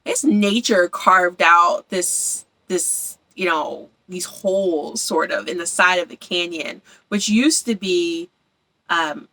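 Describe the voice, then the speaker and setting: A woman's voice: on the low side, sharp tone, dry recording, poor audio. Chatty, enthusiastic young woman vlogger. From Philadelphia. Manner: chatty and enthusiastic, repeats words for emphasis. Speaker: travel vlogger. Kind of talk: casual travel recap.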